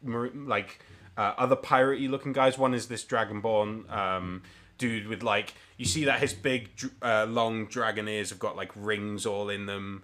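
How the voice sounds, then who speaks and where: Game master guy, bright voice, casual, swears a lot, um-heavy. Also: fairly low pitch, steady tone, moderate pace. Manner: casual, swearing, many ums. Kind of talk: narrating a tabletop game.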